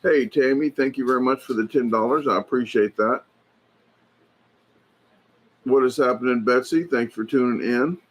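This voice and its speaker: A man hosting a casual livestream, rambling and chatty as he reads viewer comments aloud, filling pauses with lots of fillers and restarts. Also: mid-range voice. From United States. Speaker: livestream host. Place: indoors at a hobby shop.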